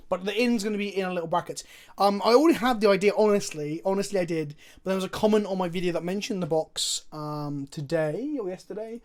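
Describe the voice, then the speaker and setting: A man's voice: high voice, fast. A man streaming a card game, commentating his plays casually, chatty and thinking aloud, with frequent swearing.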